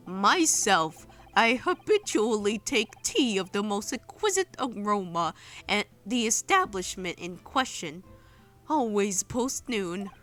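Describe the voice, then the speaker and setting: A woman voicing a pompous, long-winded old male antique dealer who speaks in slow, flowery phrases. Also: mid-range voice, a bit bright.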